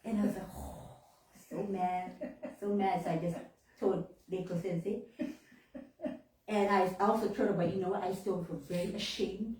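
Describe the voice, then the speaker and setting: A woman's voice: mid-range voice, steady tone, moderate pace, darkish tone. A woman minister telling a story in a sermon, with a lilt, laughing often and acting out her own reactions. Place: temple hall. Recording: echoey room, mic at a distance.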